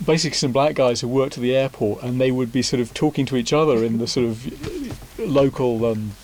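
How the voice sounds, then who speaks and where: A man's voice: medium pitch, expressive, brisk, darkish tone. A man telling anecdotes in a casual, hesitant way as co-host. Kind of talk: casual discussion. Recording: faint hiss.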